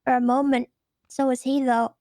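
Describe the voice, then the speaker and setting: A high-pitched woman defends herself in an online roleplay courtroom, her words now and then sliding into a southern drawl. She sounds defensive but stays calm. The sound is dry and close to the mic. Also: normal speed, dry recording. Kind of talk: in-character roleplay banter.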